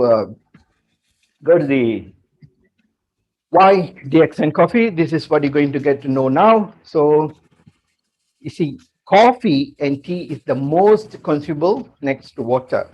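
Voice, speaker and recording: A man speaks, his voice a touch high and husky. He delivers an animated sales-style talk, leaning on "okay" between points. The recording is dull and muffled. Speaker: company distributor giving a product talk. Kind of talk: presentation talk to members.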